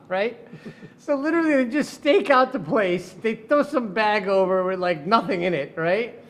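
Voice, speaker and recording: Swearing and laughing a lot, a middle-aged man who works as a defense attorney animatedly recounts a courtroom story in casual conversation. His voice sits high, and his pace is normal.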